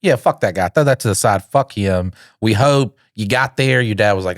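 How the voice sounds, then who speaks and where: Low-voiced crude man, podcast comedian. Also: brisk, no echo, studio quality. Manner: rambling, crude, acts out silly voices. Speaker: podcast co-host. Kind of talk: comedic reaction chat.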